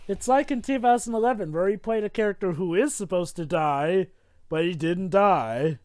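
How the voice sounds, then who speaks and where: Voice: mid-range voice, moderate pace, darkish tone, no room sound. A speaker doing jokey, casual group commentary while watching a movie. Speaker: commentary co-host.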